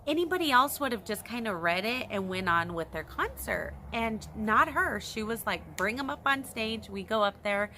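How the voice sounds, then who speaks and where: A young woman casually telling a story to her camera, excitedly and animatedly, with squeals when she quotes reactions. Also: medium pitch, moderate pace, few pauses, a little hiss or hum. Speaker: vlogger.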